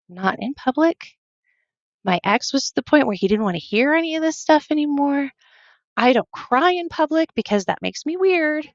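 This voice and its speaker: A woman guest on a podcast telling a personal story earnestly, halting often and quoting her own thoughts. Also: fairly high pitch, no echo, dull audio. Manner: earnest, halting, with many fillers and quoted self-talk.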